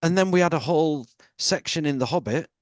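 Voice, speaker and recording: A man's voice: a little high, a little fast, dry recording. A man co-hosting a film podcast, blunt and questioning in casual chat.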